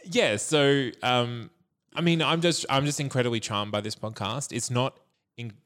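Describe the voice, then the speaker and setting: A man's voice: medium pitch, moderate pace, a bit bright. A man co-hosting a podcast, talking in a rambling, self-deprecating way. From Australia. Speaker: podcast co-host. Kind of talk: casual chat.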